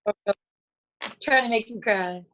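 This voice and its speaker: A woman talks over a video call in a casual, earnest way, full of fillers and quick restarts. Her voice is a touch high and her delivery stays conversational and sincere. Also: pushed and bright, lo-fi sound, slight background noise. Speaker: guest speaker. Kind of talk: casual motivational talk.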